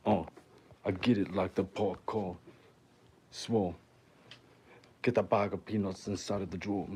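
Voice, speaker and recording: A man's voice: low voice, darkish tone, a little hiss or hum. A young man, a musician talking to his viewers in a rambling, crude and joking livestream chat. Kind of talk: casual livestream banter.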